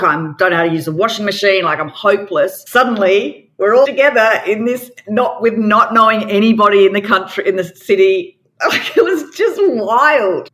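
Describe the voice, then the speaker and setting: A woman's voice: mid-range voice, a bit bright. An Australian woman in her forties, a guest entrepreneur telling her story in a candid, emphatic way and acting out quoted dialogue.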